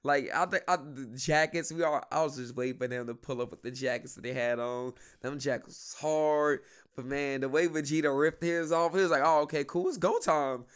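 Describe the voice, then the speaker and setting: A man's voice: mid-range voice, smooth. A man co-hosting a podcast, talking casually and animatedly in slang about a movie. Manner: animated, slangy, quick bursts. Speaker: podcast co-host. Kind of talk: casual chat.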